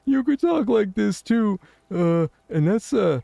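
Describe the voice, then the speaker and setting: Casting: man putting on a squeaky, goofy high voice, pushed up into falsetto. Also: animated, slow, gravelly, warm tone, dry recording, full character voice. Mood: silly.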